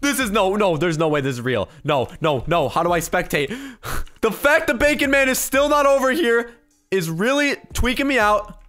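A young man giving excited gameplay commentary, quick to yell and laugh, with loudness that swings fast. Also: high voice, soft background music. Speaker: gaming YouTuber.

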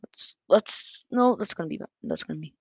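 A gaming YouTuber giving casual, excitable play-by-play commentary on a close mic that picks up breathing, with quick self-corrections. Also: medium pitch, breathy edge. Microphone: close desk mic picking up breath. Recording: dull lo-fi dry sound.

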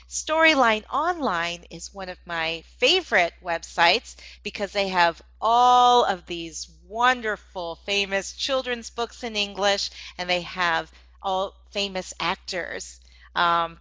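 A woman's voice: medium pitch, pushed and bright, no room sound, rough recording. A woman demonstrating online teaching ideas for English teachers, explaining in an encouraging tone.

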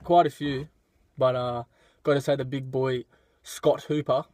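A man's voice: medium pitch, flat delivery, unhurried, darkish tone, no room sound. A young man in casual interview chat, laid-back and mumbling his asides. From Australia. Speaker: footballer guest.

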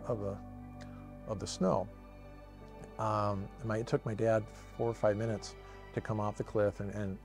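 A middle-aged man with a low, gravelly voice tells his own story from memory. He speaks earnestly and reflectively, often pausing to restart a thought, with soft music playing quietly underneath. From Washington State, USA. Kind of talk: personal testimony told from memory. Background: soft cinematic music.

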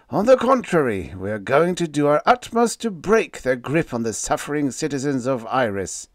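A man's voice: a little high, no room sound, clean studio sound. A man voicing a pompous company vice president who speaks in a formal, precise, lecturing way.

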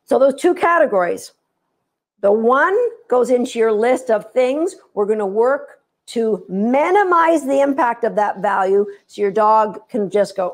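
A woman dog trainer giving an instructional talk, animated and playful as she tells stories. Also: on the high side, a little slow.

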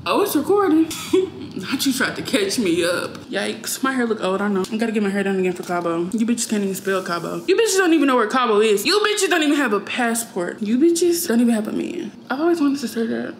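A woman's voice: fairly high pitch, lively intonation, fairly quick, slight background noise. A young woman in sassy, teasing casual vlog talk. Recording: echoey room with music underneath.

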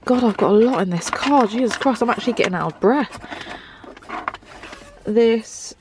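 A woman's voice: on the high side, normal speed, noisy background. A woman vlogging from inside her car, chatting and gushing with lots of ums. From England. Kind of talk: casual car tour vlog.

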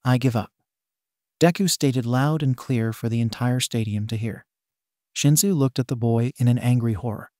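A man narrating a fan fiction story in a flat, even reading style that reads symbols out literally. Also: medium pitch, moderate pace, no echo, studio quality.

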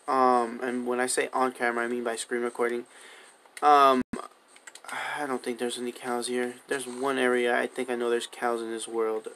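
A man's voice: mid-range voice, a bit bright, a little hiss or hum. A young man talking through his survival game in a loose, rambling way. He keeps coaxing animals along with the same commands over and over, in an ordinary mid-range voice. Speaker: gaming video host. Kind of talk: casual gameplay commentary.

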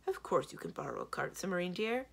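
A woman voicing a brisk, fussing, motherly female giant. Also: lowish voice, big pitch swings, vocal fry, husky, full character voice.

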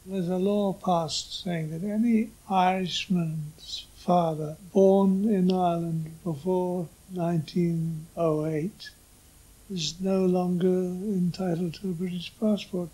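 An older comedian with a husky voice tells his stories slowly and dryly. His delivery is deadpan, the jokes slipped in with no change of tone. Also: sits high, poor audio. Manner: dry, deadpan storytelling. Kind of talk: interview anecdote.

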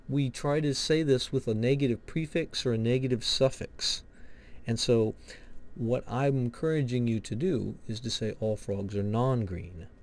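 A man's voice: medium pitch, a little mellow. Man explaining logic step by step. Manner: explains step by step, asks and answers his own questions. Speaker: logic instructor. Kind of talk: recorded lecture walkthrough.

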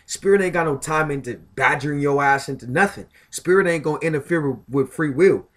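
A man's voice: on the high side, a little fast, fairly bright tone. Profane, stammering man preaching a monologue. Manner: profane, emphatic, repeats filler phrases and stammers on words. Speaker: self-styled spiritual commentator.

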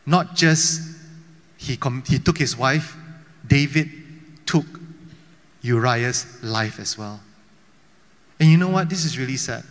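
A pastor from Malaysia preaching a sermon, telling a Bible story with many rhetorical questions. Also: male voice, mid-range voice, slow pace, pauses often, big-room sound. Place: church hall.

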